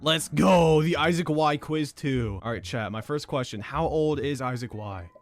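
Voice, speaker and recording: A young man hosting a quiz in a gaming video, reading questions in a loud, excitable way. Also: fairly high pitch, moderate pace, soft background music. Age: young adult. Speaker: video host running a quiz.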